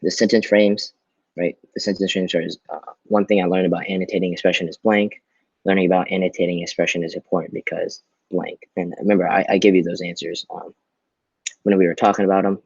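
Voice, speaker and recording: A man's voice: sits low, level tone, quick pace, vocal fry, a little mellow, slightly rough, dry recording, highs cut off. A male teacher giving a recorded online lesson, explaining patiently and often checking in with "right?".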